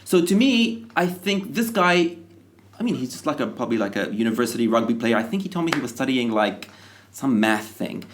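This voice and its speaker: A male podcast host telling a personal story in a relaxed, conversational way. His voice sits at a medium pitch. He livens the telling by acting out the lines of the people in his anecdote. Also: fairly quick, a little hiss or hum. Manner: animated anecdotes with acted-out quotes.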